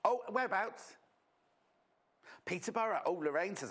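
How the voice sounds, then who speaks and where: A man's voice: high-pitched, very animated, normal speed, a bit bright, breathy edge. A man presenting a live sewing demonstration on a shopping channel, chatty and gossipy as he teases the crew. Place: TV studio.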